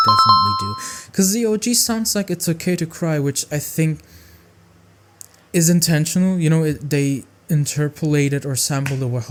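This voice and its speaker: A young man with a medium-pitched voice chats casually through a song-by-song music review, rambling and expressive, while music plays behind him.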